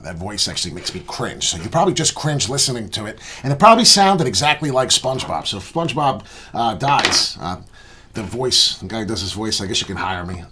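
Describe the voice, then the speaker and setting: A man with a slightly husky voice talks through trading charts in loose, rambling commentary. His pitch swings widely as he boasts about his calls. He sounds like a self-assured channel host. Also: sharp tone.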